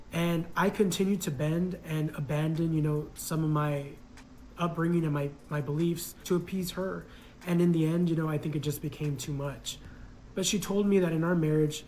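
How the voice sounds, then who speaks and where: A man's voice: a little high, a little hiss or hum, rough recording. A man casually telling a personal story in a reflective, hesitant way, full of fillers.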